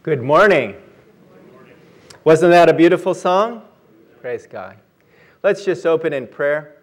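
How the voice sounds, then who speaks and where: Hoogstemmige predikant aan het woord. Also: male voice, fairly high pitch, lively intonation, slow pace, long pauses. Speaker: pastor. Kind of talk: sermon with prayer and storytelling.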